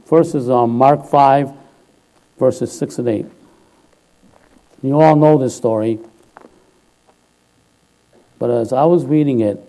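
A man preaching a casual, conversational sermon to a congregation. His tone is very dark and mellow. He keeps checking in with his listeners and swells louder and higher when he urges them on. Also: poor audio. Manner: informal, chatty preaching with frequent "all right?"; rises loud and high on quoted voices and exhortations.

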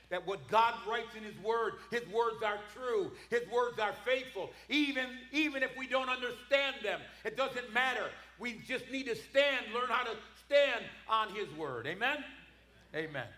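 A man's voice: very high-pitched, animated, moderate pace, bright, forceful tone, reverberant. A man preaching a sermon, emphatic, repeating words and calling for responses from the congregation.

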